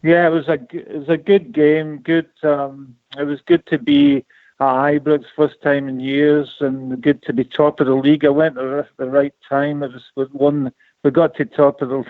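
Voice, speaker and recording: A man's voice: fairly high pitch, moderate pace, dry recording. A man calling in to a fan radio show, hesitant and plain. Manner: hesitant, plain, flat delivery. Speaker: caller. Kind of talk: phone-in call. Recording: dry phone line.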